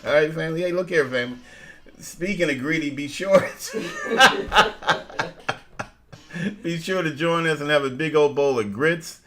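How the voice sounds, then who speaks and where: A middle-aged man co-hosting a casual live-stream chat, folksy and quick to laugh, often addressing his listeners as family. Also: on the high side, expressive, background noise. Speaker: co-host.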